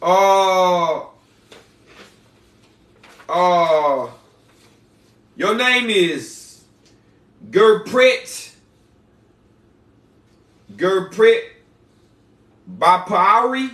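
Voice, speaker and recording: A man's voice: high voice, sing-song, very slow, long pauses, a bit bright, echoey room, far from the mic. A man chatting casually on a livestream, reading out viewer names and repeating himself in loose slang.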